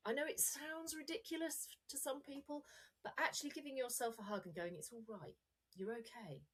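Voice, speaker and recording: A woman coach talking freely in a podcast interview, rambling and correcting herself as she explains ideas. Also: mid-range voice. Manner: rambling, self-correcting, demonstrative. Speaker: coach and guest.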